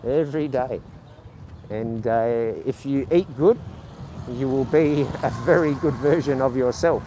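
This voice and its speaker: Out on city streets, a stuttering livestream host talks in a mid-range voice at a slightly slow pace. He rambles with lots of ums and fires sarcastic replies at his chat over faint traffic sounds.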